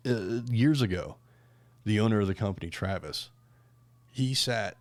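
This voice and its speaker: A man's voice: fairly low pitch, moderate pace, no echo. A man hosting a podcast in casual chat, rambling with lots of fillers and restarts. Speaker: podcast host.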